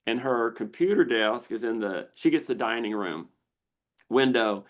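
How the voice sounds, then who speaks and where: An older man hosting a live Q&A on a video call, explaining patiently and acting out the brain's inner voice with lively exclamations. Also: medium pitch, a little slow. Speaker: misophonia researcher hosting a Q&A.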